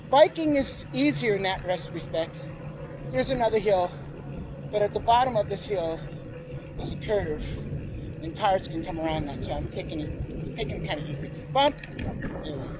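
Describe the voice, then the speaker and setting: A man's voice: sits high, moderate pace, long pauses. A man chatting casually as he rides a bike outdoors and narrates the route, out of breath at times. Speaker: vlogger. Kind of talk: casual talk while cycling. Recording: loud outdoor noise.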